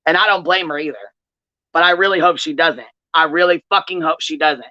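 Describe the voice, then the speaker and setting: A woman's voice: sits low, a little fast, no room sound. A woman hosting a livestream commentary, ranting in a heated, profane way. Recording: dull, dry lo-fi stream audio.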